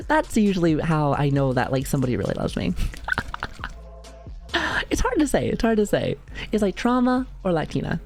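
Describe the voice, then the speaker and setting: A woman's voice: deep voice, darkish tone. A woman in her thirties chatting casually on a livestream, rambling with lots of "like", swearing and laughing, acting out quotes from her family. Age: 30s. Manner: acts out quoted voices of family. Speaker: streamer.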